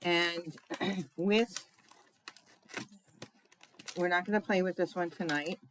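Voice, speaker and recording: A woman's voice: fairly low pitch, steady tone, slow, a little hiss or hum, low-quality recording. A woman giving a casual live craft demonstration, chatty and thinking aloud, talking to her viewers with fillers and asides.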